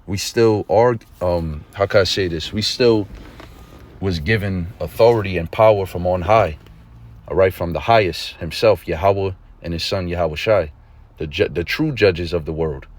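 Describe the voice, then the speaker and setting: A man teaching an informal religious lesson in a conversational preaching manner, often checking in with his listeners and growing excited at points. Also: deep voice, moderate pace. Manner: grows excited and emphatic at points.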